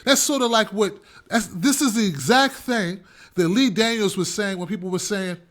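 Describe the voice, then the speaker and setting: A man with a notably high voice holds forth as host of his own commentary show. He speaks emphatically and repeats his points to hammer them home, in a ranting monologue. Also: moderate pace, fairly bright tone.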